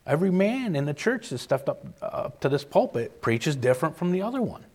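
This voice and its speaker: Emphatic man preaching a lively sermon. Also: a little high, a little fast. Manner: emphatic, repeats key phrases, acts out quoted voices.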